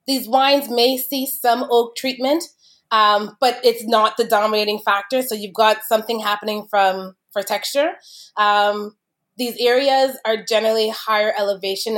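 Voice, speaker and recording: A woman, a wine expert guest, talking in a chatty, explanatory way with many fillers. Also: on the high side. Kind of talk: casual podcast conversation.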